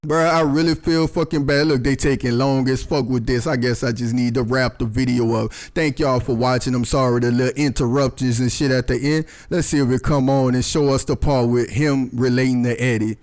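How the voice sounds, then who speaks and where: A man reviewing a show in casual, animated commentary, swearing constantly. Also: mid-range voice, a little fast, hardly any pauses.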